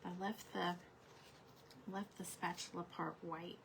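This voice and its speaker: A middle-aged woman chatting casually while she paints crafts, telling stories and often trailing into soft asides. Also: lowish voice, little pitch movement, a little slow, creaky, noisy background. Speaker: crafting vlogger.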